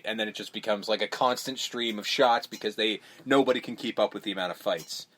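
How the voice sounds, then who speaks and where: A man co-hosting a casual film podcast, retelling scenes with quick impressions of the characters, swearing and laughing. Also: on the low side, a bit bright. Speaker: podcast co-host. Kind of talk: casual movie recap chat.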